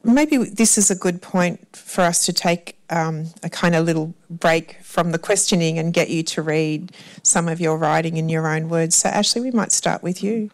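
A woman moderating a panel discussion, speaking gently and without hurry. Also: fairly low pitch, normal speed.

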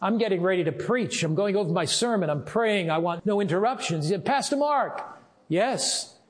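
A middle-aged male pastor preaching a sermon and telling a story, earnest, slowing down to stress key words. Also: high voice.

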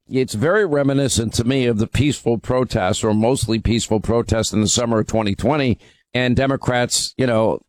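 A male talk radio host with an ordinary mid-pitched voice, recorded dry and close in the studio. He talks emphatically, taking calls and commenting, and fills his pauses with "uh" and "you know.". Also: no echo. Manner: emphatic, with frequent fillers.

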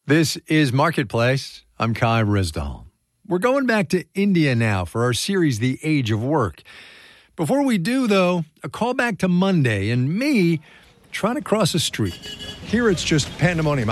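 Lively male public radio host. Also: fairly high pitch, no room sound, studio quality. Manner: lively, joking, quick asides. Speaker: radio business news host. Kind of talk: public radio reporting and interviewing.

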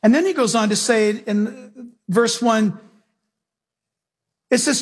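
A man's voice: high voice, a little slow, slightly rough. A man preaching a sermon emphatically, often asking the congregation questions.

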